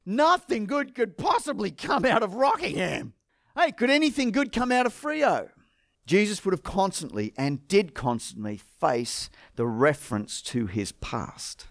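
A man's voice: sits high, expressive, measured pace, gravelly, a bit bright, no room sound, studio quality. An Australian man preaching a sermon as pastor, firing rhetorical questions at the congregation.

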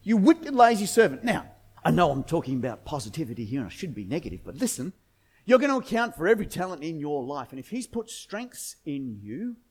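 A middle-aged pastor with a notably high-pitched voice delivers a lively sermon. He talks to the congregation like a mate, throwing out rhetorical questions. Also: slightly rough. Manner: energetic, conversational preaching with rhetorical questions.

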